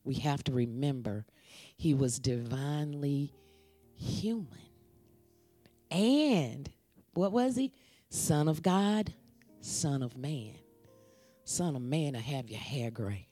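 A woman preaching a sermon, swinging between loud calls to the congregation and hushed whispered storytelling. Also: very deep voice, slow pace, pauses often, soft background music.

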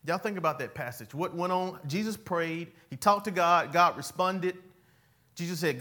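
A male pastor preaches in a high, bright, ringing voice. He leaps from loud cries down to quiet, folksy asides. He talks straight to his congregation in church. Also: moderate pace. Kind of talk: sermon.

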